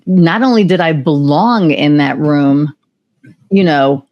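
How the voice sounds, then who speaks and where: A woman's voice: sits low, slow pace, lo-fi sound. A woman as a podcast guest, animatedly telling a personal story and acting out remembered conversations. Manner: animated, acts out remembered dialogue; many fillers and restarts. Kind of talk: casual storytelling interview.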